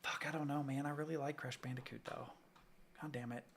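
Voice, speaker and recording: A man's voice: mid-range voice, steady tone, a little fast, creaky, slight background noise. A man from the Southern United States, streaming and ranting casually with lots of swearing while he reacts to clips. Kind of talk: live-stream reaction commentary.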